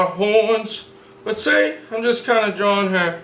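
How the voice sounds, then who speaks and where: A man hosting a drawing tutorial from home, talking in an excitable, rambling, hyper way. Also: high voice, slow pace. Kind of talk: casual drawing lesson. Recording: echoey room.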